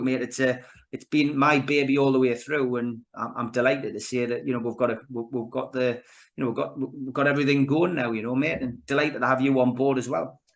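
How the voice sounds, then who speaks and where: Chatty Geordie man. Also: mid-range voice. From North East England. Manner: chatty, frequent restarts and 'you know, mate'. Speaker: podcast guest, filmmaker. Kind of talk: casual chat.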